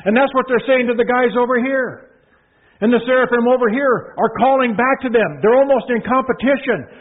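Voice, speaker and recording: A man preaching a sermon, emphatic, repeating phrases and swinging from hushed to loud proclaiming. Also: extremely high pitch, brisk. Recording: tinny phone-like sound.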